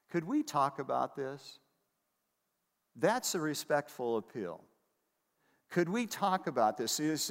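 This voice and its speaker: Emphatic older pastor preaching in a hall. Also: male voice, on the high side. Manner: emphatic preaching, repeating key phrases. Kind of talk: sermon. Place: church hall. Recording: reverberant hall.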